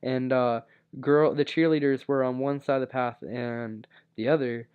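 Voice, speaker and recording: A man's voice: medium pitch, fairly even intonation, moderate pace, clear, resonant tone. A young man casually telling a personal story, rambling with many fillers and restarts. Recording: dull lo-fi recording.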